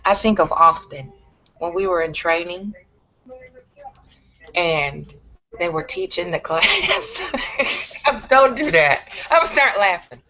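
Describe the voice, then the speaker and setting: A woman's voice: on the low side, expressive, slow, pauses often, pushed and bright, dull audio. A woman in a casual chat who laughs often and retells stories with impressions of others.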